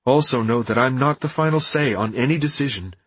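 A man reading the lines of a measured, guarded female doctor in an audiobook, in an even, husky voice. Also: mid-range voice, no room sound, close to an everyday voice. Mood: calm, firm.

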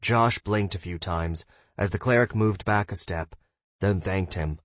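A man's voice: a little slow, no echo. A man narrating a fantasy novel as an audiobook reader, doing the characters' voices himself. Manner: reads narration evenly, voices characters with shouts and raised pitch.

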